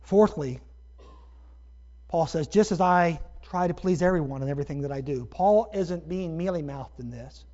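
Man, pastor from Ohio; conversational sermon delivery, fairly high voice, dull lo-fi recording. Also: moderate pace, a little mellow. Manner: conversational, rhetorical asides.

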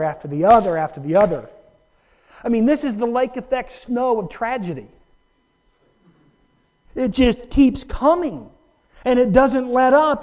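A man preaching a sermon as pastor, dramatic, moving from hushed, low-volume lines to loud, raised emphasis. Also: dull audio. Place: church sanctuary.

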